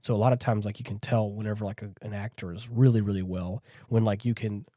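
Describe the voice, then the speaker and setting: A man's voice: lowish voice, fairly even intonation, fast talker, warm tone, no echo, studio quality. A man co-hosting a podcast, retelling a horror film scene by scene in loose, rambling casual chat full of fillers. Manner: rambling, filler-heavy retelling with acted quotes. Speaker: podcast co-host. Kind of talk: casual movie recap chat.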